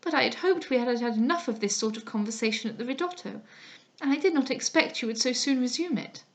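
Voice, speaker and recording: A woman voicing a genteel, earnest young lady who pleads in a high, breathless voice. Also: expressive, fast. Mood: reproving. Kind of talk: dramatized audiobook reading.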